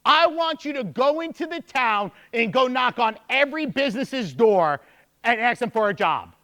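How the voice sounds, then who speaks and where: A man quoting his blunt, no-nonsense father in a flat, matter-of-fact way during a speech. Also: extremely high pitch, moderate pace, heavily acted. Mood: stern.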